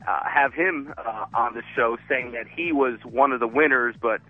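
Regular-pitched guy on a tinny phone line, hesitant, lots of uhs, pitching ideas. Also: normal speed, dry recording, faint music behind. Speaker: caller. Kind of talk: phone call to radio show.

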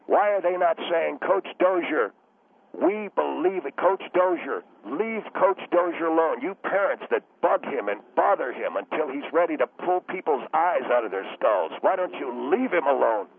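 A man plays a touchy middle-aged high school coach on a comedy radio bit. He rants with a gravelly, husky voice that swings up and down, heard over a tinny phone-like line. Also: sing-song, normal speed, exaggerated voice. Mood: indignant. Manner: ranting, indignant, easily offended. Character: aggrieved veteran high school football coach.

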